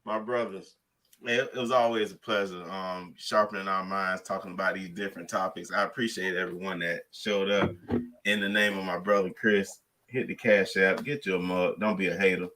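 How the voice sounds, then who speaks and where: A man's voice: low voice, fairly even intonation, moderate pace, bright, forceful tone, a little hiss or hum, low-quality recording. A man co-hosting a podcast, laid-back and slangy as he signs off the show. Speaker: podcast co-host. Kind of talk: casual sign-off chat.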